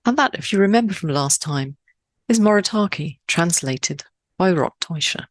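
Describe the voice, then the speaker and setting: A woman from Switzerland hosting a poetry podcast, speaking in a measured, deliberate way with lifts on key words. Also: fairly low pitch, animated, no room sound, studio quality. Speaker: podcast host. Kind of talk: scripted podcast narration.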